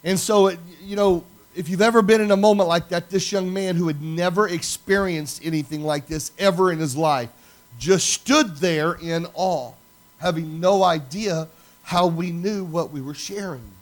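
A man's voice: high-pitched, moderate pace. A man preaching, telling a story animatedly and acting out the dialogue. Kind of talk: sermon storytelling.

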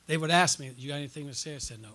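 Racing along in a voice on the high side, a middle-aged pastor delivers a sermon at a church conference. He shares a personal story and calls out to the congregation, swinging from loud, excited highs to hushed asides.

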